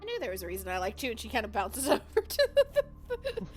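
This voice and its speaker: A woman takes part in a tabletop game, speaking in a bubbly, playful way and laughing often. Her voice sits on the higher side. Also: wildly swooping pitch, fast talker, a little hiss or hum. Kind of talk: casual in-character play.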